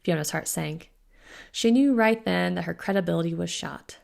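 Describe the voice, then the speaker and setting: A woman author reads her own fantasy novel aloud in a steady, even manner. Her voice is low and carries heavy vocal fry throughout. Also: moderate pace. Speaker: author reading her book. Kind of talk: audiobook narration.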